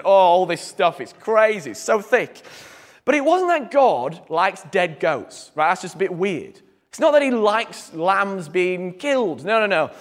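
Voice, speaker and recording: A man preaching a lively, conversational sermon and quoting scripture. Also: high-pitched. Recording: long hall reverb.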